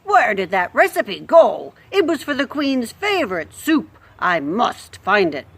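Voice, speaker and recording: A woman's voice: on the high side, big pitch swings, measured pace, fairly bright tone, slightly rough, pitched above the performer's own voice, full character voice. Woman doing a sleepy French cook. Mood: fretful. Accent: French, put on. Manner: mumbling, searching.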